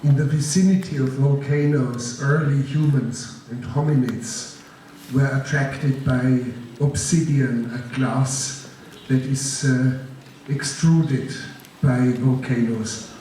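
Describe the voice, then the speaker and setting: A man with a German accent giving a master class, telling his story in a slow, deliberate, grave way and answering audience questions. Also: medium pitch, steady tone, warm tone. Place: large lecture hall. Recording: echoey hall, distant mic, faint noise.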